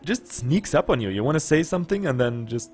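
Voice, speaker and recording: A man's voice: fairly high pitch, expressive, brisk, darkish tone, soft background music. A man with a German accent, casually commenting on a strategy game and thinking aloud with muttered asides. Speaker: let's play gamer.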